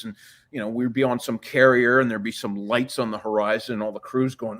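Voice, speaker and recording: A man's voice: medium pitch, steady tone, quick pace, fairly bright tone. A man in his sixties, a podcast guest telling a long story, profane and rambling, with frequent restarts. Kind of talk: storytelling interview.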